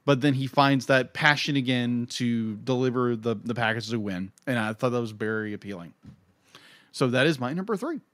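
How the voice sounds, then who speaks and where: A man's voice: medium pitch, moderate pace, fairly bright tone, no echo. Young male co-host, enthusiastic and chatty, dry close recording. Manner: enthusiastic, laughs often, acts out quotes. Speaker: podcast co-host. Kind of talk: casual film review chat.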